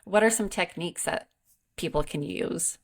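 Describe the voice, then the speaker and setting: A woman with a slightly low voice hosts a wellness interview. She links her questions together in quick, running sentences. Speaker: host and wellness coach.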